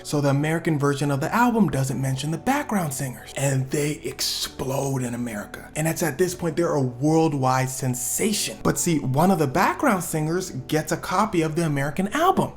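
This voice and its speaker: Animated slangy male storyteller. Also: a little high. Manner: casual slangy, animated, with playful asides. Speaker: storyteller and channel host. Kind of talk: comedic storytelling narration.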